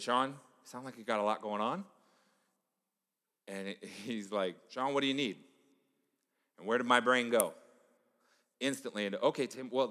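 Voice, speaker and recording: Male pastor preaching in an echoey hall. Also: medium pitch. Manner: conversational, storytelling, drops to a hush for emphasis. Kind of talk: sermon. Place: church sanctuary.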